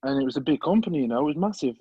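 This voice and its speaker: A young man from England with a Midlands accent, a podcast guest telling his story in a lively way, acting out the people in it. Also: fairly high pitch, racing, husky, no echo. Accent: English Midlands. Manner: animated, acts out voices of people in his story. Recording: slightly muffled dry recording.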